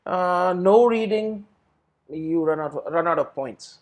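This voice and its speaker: A man's voice: high voice, slow pace. A middle-aged man, an IELTS trainer answering questions. He explains things step by step and often repeats words and restarts his phrases. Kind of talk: teaching in a recorded Q&A session.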